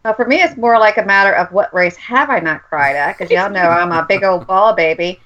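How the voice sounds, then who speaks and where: A woman co-hosting a running podcast, telling stories in an animated, giggly way. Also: mid-range voice, brisk. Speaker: podcast co-host. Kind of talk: casual chat. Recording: dull lo-fi podcast audio.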